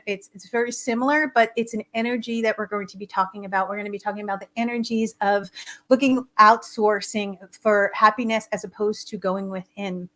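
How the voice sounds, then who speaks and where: A woman hosting a live-streamed wellness talk show, her voice hoarse and scratchy, talking with enthusiastic, emphatic repetition. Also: fairly high pitch, a bit bright. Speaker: host.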